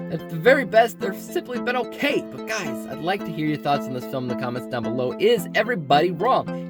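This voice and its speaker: A man hosting his channel, giving a scripted movie review with an emphatic, animated delivery. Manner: animated, emphatic delivery with big pitch swings. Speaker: film reviewer and channel host.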